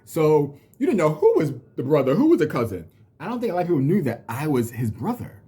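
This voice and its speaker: Husky man ranting bluntly. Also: on the high side, huge pitch swings, a little fast, dark tone. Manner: blunt and profane, venting, slips into mocking quoted voices. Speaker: vlogger. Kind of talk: casual storytelling rant to camera.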